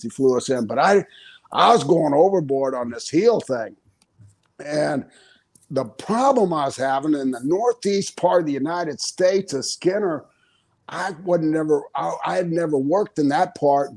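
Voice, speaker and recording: Older man, animated storyteller, raised pitch, acts out quotes, laughs often. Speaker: guest, retired pro wrestler. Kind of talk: storytelling interview.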